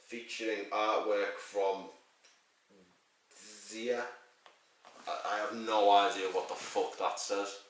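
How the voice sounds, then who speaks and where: A man's voice: fairly low pitch, a little hiss or hum. A man reviewing a beer in a rambling, crude and jokey way, swearing as he goes. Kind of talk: casual sweary review monologue. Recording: very echoey room, mic at a distance.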